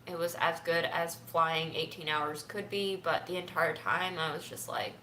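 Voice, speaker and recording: A young woman speaking softly and haltingly, close to tears, in a personal livestream from home. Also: sits low, steady tone, slight background noise. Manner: soft, halting and tearful, often near a whisper. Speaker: vlogger. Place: home room. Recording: echoey room with faint ambience.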